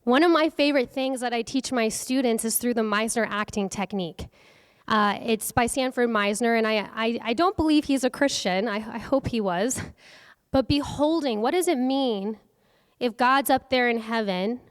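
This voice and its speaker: A young woman speaks earnestly to a workshop audience in a somewhat high voice, chatting and asking questions as she goes. Her voice rings out with a long reverb from the hall around her. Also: normal speed. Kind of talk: faith-based workshop talk. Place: event hall.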